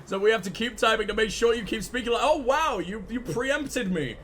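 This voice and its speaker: A man's voice: sits high, brisk, fairly bright tone, slight background noise. A man streaming a game, bantering crudely and jokingly with his chat. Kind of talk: live-stream game commentary.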